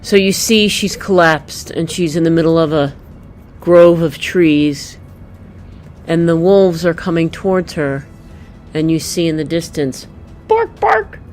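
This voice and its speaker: Low slow lady talking kids through a picture book, soft music behind her. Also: steady tone. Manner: gentle, explaining pictures to children, thinks aloud. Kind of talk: picture book read-aloud.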